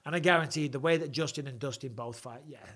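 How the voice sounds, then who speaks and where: A man's voice: medium pitch, quick pace, fairly bright tone. A man, hosting a casual live stream and reading viewer comments with blunt, swearing, mock-annoyed banter. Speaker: host of a live show.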